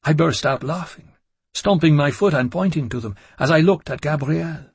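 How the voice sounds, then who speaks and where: A man narrating a gothic novel in the first person, measured and dramatic. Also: a little high, gravelly, breathy edge, no echo. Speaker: audiobook narrator.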